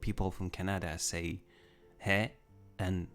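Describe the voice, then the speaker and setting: A man's voice: fairly low pitch, measured pace, creaky, faint music behind. A man chatting casually on a livestream, rambling and restarting his sentences as he answers viewers. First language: French. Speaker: livestream host. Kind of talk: casual chat, reading viewer comments.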